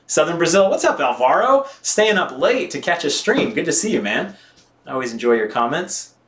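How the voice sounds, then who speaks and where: A man's voice: on the high side, very animated, moderate pace, a bit bright, echoey room, slight background noise. A man chatting casually on a live stream, laughing often and reading out viewer comments while cleaning his bike. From United States.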